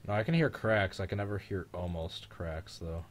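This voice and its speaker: A young man with a very deep voice chats casually over a live race stream, joking around and getting loud at tense moments. A faint hiss sits under the recording. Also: normal speed. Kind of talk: casual live reaction chat.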